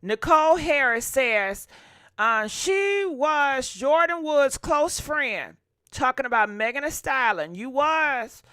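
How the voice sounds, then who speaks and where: Woman, gossip host, high bright voice, sassy and opinionated, dry close sound. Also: animated, takes it slowly, no room sound. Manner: sassy, opinionated, talks straight to viewers. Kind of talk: casual gossip commentary.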